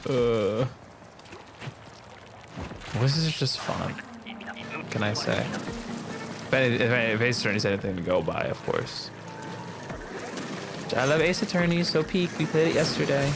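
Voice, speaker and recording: A man's voice: medium pitch, animated, measured pace, gravelly, long pauses. A man streaming a game and chatting casually, rambling and throwing in playful exclamations. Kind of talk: casual gameplay commentary. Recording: music playing behind.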